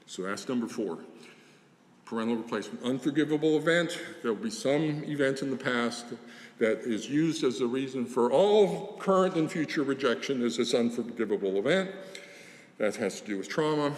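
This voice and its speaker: A man giving a conference lecture as a psychologist, animated and acting out the voices of the people he quotes. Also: mid-range voice. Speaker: psychologist presenter. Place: conference hall. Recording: echoey hall.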